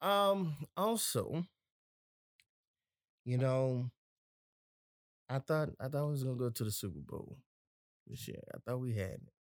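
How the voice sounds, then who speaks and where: A man's voice: medium pitch, lively intonation, unhurried, long pauses, dry recording. A young man with a New Orleans accent hosting a podcast, easygoing and full of slang as he tells his stories. His voice sits in a mid range and comes through close and dry, with no room sound around it. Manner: laid-back, joking storyteller with slang. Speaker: podcast host. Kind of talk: casual podcast chat.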